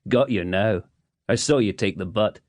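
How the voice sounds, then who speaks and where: A man's voice: lowish voice, moderate pace, darkish tone, dry recording, studio quality, natural voice. A man voicing an erratic, paranoid Scottish man who spits out his words and hisses accusations. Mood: menacing.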